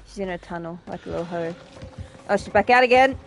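A woman streaming a game with casual commentary, who laughs a lot and yells at the game. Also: on the low side, quick pace, a little hiss or hum.

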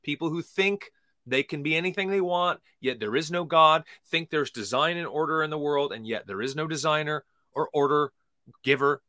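A man with a bright, forceful voice delivers preachy commentary as a podcast host. He is emphatic and swings from loud to quiet. The sound is dry and close. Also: on the high side, no room sound. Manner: reads scripture aloud slowly.

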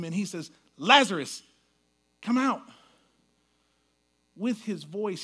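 A man preaching a sermon as pastor, folksy and storytelling, dropping to a hush and rising to loud quoted lines. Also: high voice.

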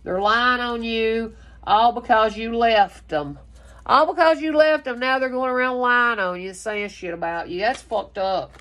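A woman's voice: on the high side, measured pace, fairly bright tone. A woman giving a casual tarot reading, talking emphatically in a rambling way and swearing freely. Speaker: tarot reader.

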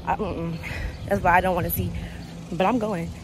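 A young adult woman gives a chatty, laugh-filled vlog to camera, out of breath from a long walk and saying "y'all" a lot. Her fairly low voice holds a steady tone at a moderate pace, with background noise present.

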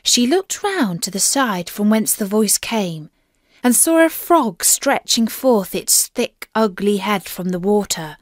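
Female storybook narrator for learners, slow and deliberate, dry close sound. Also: medium pitch, sing-song, no echo.

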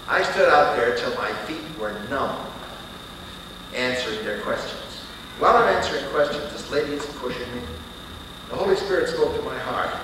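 A man preaching and telling a story in a dramatic, animated way. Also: mid-range voice. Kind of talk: sermon storytelling. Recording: echoey hall recording from far off, with hiss.

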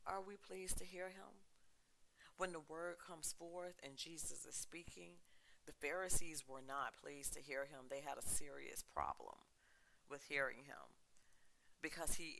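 Slow, gravelly, forceful male preacher. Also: fairly high pitch, a little hiss or hum, low-quality recording. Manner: emphatic preaching with repeated chant-like lists; reads scripture dramatically, slowing and dropping his voice. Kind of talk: sermon.

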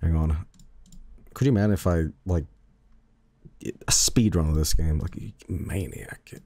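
A man streaming a video game, talking excitedly, swearing and repeating commands over and over. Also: deep voice, unhurried, dry recording. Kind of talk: live gameplay streaming.

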